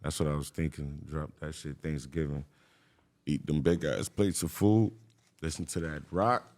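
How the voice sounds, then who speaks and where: A man with a deep, low voice talks as a podcast guest. He is laid-back and slangy, answering in short, easy bursts. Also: steady tone, moderate pace, darkish tone. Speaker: guest musician. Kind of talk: casual interview chat.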